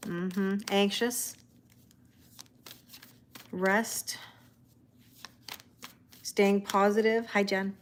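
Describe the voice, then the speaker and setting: A woman's voice: medium pitch, fairly even intonation, extremely slow, long pauses, slight background noise. A Canadian woman with a Canadian accent, hosting a tarot livestream in casual chat and greeting viewers by name as she reads their comments aloud.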